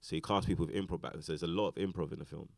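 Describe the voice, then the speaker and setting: A British man with a very low voice talks fast and loosely, filling his sentences with fillers and restarts. He is a guest in a casual onstage conversation, and the sound is close and dry. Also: fairly even intonation, vocal fry, no echo. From Britain. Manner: rambling, lots of fillers and restarts. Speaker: actor, interview guest. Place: festival stage talk.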